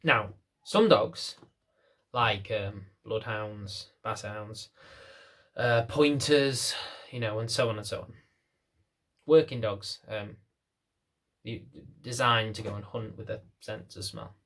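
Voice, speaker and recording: Speaking slowly in a low but fairly bright voice, a man who trains dogs gives a casual explainer to camera. His style is chatty, with repeated phrases and small acted-out scenes.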